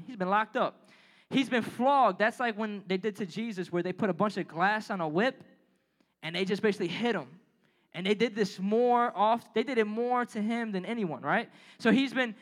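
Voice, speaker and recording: A man's voice: high-pitched, a bit bright. A young man giving a casual, joking youth sermon, reading scripture aloud with emphasis and talking in slang to his listeners. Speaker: youth preacher.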